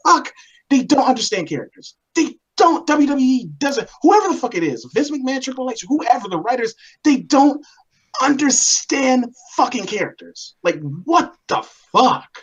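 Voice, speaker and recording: A man's voice: very high-pitched, sing-song, moderate pace, a bit bright, slightly rough, muffled recording. A man co-hosting a wrestling reaction chat, ranting in frustration. He swears constantly and circles back over the same phrases as he vents. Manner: ranting, swearing, repeats himself. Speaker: wrestling show co-host. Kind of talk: heated casual chat.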